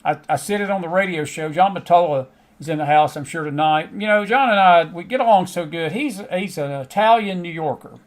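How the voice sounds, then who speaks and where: A middle-aged man with a Southern American twang hosts his show in a folksy, rambling way. His voice sits notably high for a man. He chats to his audience like old friends. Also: a little fast. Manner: folksy, chatty, frequent laughs and asides. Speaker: host. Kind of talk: casual monologue to a live online audience.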